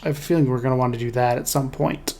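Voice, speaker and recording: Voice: medium pitch, fairly even intonation, racing, a little mellow, a little hiss or hum. Gamer rambling thru gameplay, casual, talks to the screen. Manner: chatty, talks to self and the game. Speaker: let's play host.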